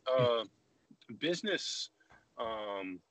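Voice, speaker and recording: A man's voice: medium pitch, lively intonation, drawn-out words, fairly bright tone, no room sound, low-quality recording. A young man hosting a podcast, talking loosely with lots of restarts and fillers. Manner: rambling, many restarts and fillers. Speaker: podcast host. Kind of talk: casual conversation.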